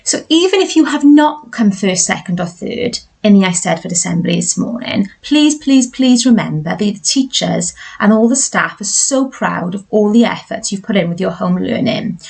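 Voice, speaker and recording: A woman teacher, addressing young children at a school assembly in a bright, sing-song way and leading call-and-response. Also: medium pitch, expressive, moderate pace, vocal fry, hardly any pauses, husky, poor audio.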